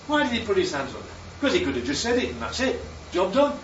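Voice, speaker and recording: A man preaching a sermon, lively and constantly checking in with his listeners by asking "right?" and "yeah?". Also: high voice, fast, a little hiss or hum. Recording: echoey, distant, dull sound with faint ambience.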